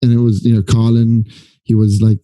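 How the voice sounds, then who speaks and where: Very dark-voiced male podcast host. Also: lowish voice, level tone, moderate pace, no echo, rough recording. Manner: enthusiastic, searching for words. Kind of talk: casual conversation.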